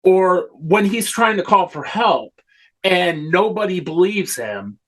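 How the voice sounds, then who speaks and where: A man's voice: sits high, animated, takes it slowly. A man co-hosting a casual film discussion, enthusiastic and swearing freely. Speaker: podcast co-host.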